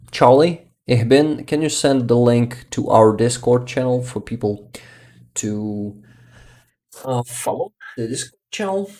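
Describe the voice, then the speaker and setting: A man from Ukraine, hosting a casual livestream, reading viewer comments aloud in an unhurried way, searching for words and laughing often. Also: medium pitch, darkish tone. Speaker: livestream host.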